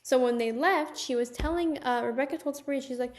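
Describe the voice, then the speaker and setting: A young woman telling a personal story in a casual, animated storytime manner, with lots of "like"s. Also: high-pitched, fast. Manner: chatty, animated storytelling with many "like"s. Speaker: vlogger.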